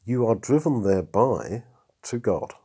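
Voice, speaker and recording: A man giving a reflective sermon on a Bible passage, rising for emphasis between pauses. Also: fairly low pitch, expressive, warm tone, breathy edge. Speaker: preacher.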